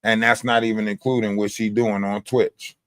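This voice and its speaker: A man's voice: fairly low pitch, normal speed, smooth, no echo, clean studio sound. A man hosting a livestream with casual, profane commentary, telling stories and mimicking other people's lines. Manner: profane, animated storytelling with mimicked quotes. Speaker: livestream host.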